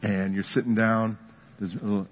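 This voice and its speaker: Husky-voiced pastor telling a humorous story. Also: male voice, on the low side, normal speed, highs cut off. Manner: storytelling with humor, builds to animated emphasis. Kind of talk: conversational sermon.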